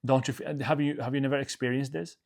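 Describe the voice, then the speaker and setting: A man's voice: mid-range voice, steady tone, fast talker, gravelly, darkish tone. A male coach giving a motivational talk to his audience, emphatic, repeating his phrases and often checking in with "okay?".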